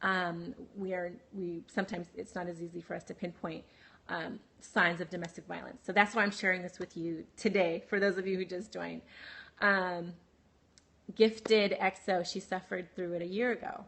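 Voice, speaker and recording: A woman's voice: lowish voice, level tone, normal speed, creaky, fairly bright tone. A woman hosting a phone livestream, telling a personal story candidly with many fillers, restarts and laughs, and replying to viewers' comments. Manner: answers viewer comments by name. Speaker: livestream host. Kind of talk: personal storytelling on a live broadcast.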